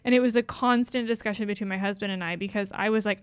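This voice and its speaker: A woman's voice: fairly high pitch, lively intonation, fast, a bit bright, no room sound. A young woman co-hosting a podcast, talking candidly and from the heart, with many "like" fillers. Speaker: podcast co-host.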